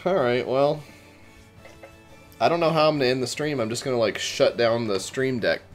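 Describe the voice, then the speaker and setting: A man hosting a gaming stream, wry and quick with puns, explaining the game to friends. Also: mid-range voice. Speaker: stream host. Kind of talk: casual gaming chat. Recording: faint music behind the voice.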